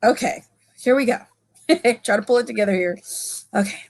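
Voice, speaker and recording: A woman hosting a casual live chat, bubbly and gushing, quick to giggle, who is from the southern US. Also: a little high, creaky, darkish tone. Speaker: host.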